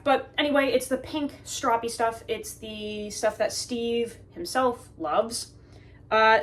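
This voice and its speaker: A woman reviewing a knife in a casual, chatty way, joking and talking straight to her viewers while she sharpens at her workbench. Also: a little high.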